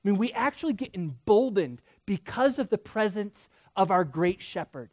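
A thirty-something pastor delivers a sermon in a high, sing-song voice at a moderate pace, recorded with no room sound. Storytelling and speaking straight to the congregation, he swings between loud emphasis and a hushed near-whisper.

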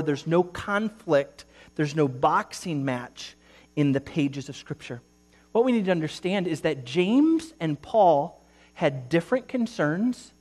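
A male pastor preaching a sermon, reading scripture aloud with emphasis and speaking in an animated way. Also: fairly high pitch.

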